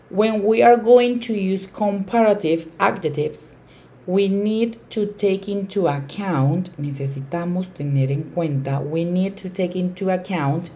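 A woman's voice: mid-range voice, a little mellow. Emphatic woman teacher repeating key words. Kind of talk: bilingual classroom explanation.

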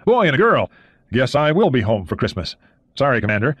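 A man's voice: mid-range voice, big pitch swings, brisk, a bit bright, breathy edge, no echo, studio quality, pitched above the performer's own voice. A male audiobook narrator reading the lines of a friendly American CIA analyst in a plain conversational way. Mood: warm.

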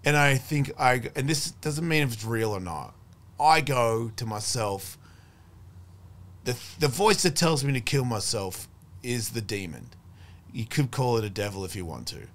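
A man's voice: mid-range voice, lively intonation, a little slow, fairly bright tone. A middle-aged man telling a long story as a podcast guest, swearing freely and acting out what others said. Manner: profane, rambling, acts out quoted voices. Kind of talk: casual storytelling chat.

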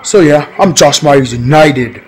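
A man's voice: on the high side, a little slow, husky, low-quality recording. A man talking casually to his viewers in a rambling, repetitive vlog, often laughing. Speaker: vlogger.

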